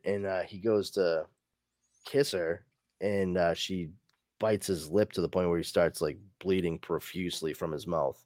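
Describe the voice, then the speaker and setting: A man's voice: sits low, fairly even intonation, a little slow, darkish tone, dry recording, clean studio sound. A man hosting a podcast, casually recapping a comic book story in a rambling way, full of fillers. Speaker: podcast host.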